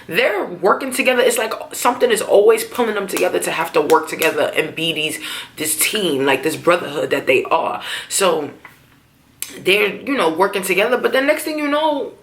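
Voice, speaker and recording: Animated woman recapping a TV episode. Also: fairly high pitch. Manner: animated, swearing, acts out quotes. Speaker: TV recap vlogger. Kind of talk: casual profane recap.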